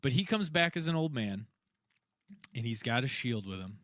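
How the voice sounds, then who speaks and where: A man co-hosting a podcast, chatting casually and telling stories in a rambling, animated way. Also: medium pitch, moderate pace, a little hiss or hum. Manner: rambling, animated storyteller, self-described comic nerd. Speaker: podcast co-host. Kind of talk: casual chat.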